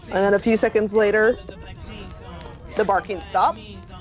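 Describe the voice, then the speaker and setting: A woman narrating a tabletop game as game master, slow and hesitant with many fillers. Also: mid-range voice, steady tone, soft background music.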